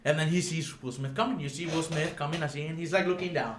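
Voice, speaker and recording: Animated storyteller man, echoey room. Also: fairly high pitch, fast, noisy background. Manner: switches between Spanish and English mid-sentence; animated storytelling, acts out what others said. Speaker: podcast host. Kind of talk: casual chat.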